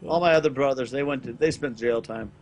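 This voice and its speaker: A man from Los Angeles telling a rambling story on a gaming podcast, loudly acting out the people in it. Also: medium pitch, fast. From Los Angeles, California. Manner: rambling anecdote with loud acted-out quotes. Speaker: podcast co-host. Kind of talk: casual storytelling chat.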